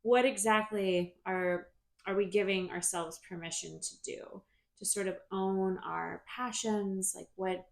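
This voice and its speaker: A woman hosts a wellness podcast interview with a gravelly, creaky edge to her voice. She asks her guest questions in an easy, curious way at a middle pitch. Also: fairly even intonation, a little slow. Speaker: podcast host, yoga instructor.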